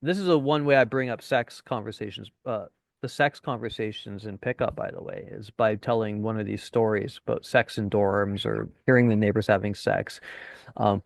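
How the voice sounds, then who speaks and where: A man teaching a casual webinar as a dating coach, chatty and swearing now and then, acting out deadpan lines. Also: lowish voice, moderate pace, vocal fry, no room sound, clean studio sound.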